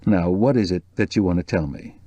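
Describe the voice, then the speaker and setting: A man reading the part of a calm reporter who speaks in a kind but firm, soothing way. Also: deep voice, fairly quick, no echo. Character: kindly, soothing middle-aged male reporter. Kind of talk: audiobook dialogue reading.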